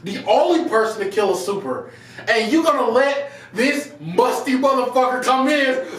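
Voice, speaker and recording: Mocking high-voiced man, echoey room. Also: moderate pace. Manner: mocking, animated storyteller. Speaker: podcast co-host. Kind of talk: casual review chat. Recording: echoey room, distant mic, chatter behind.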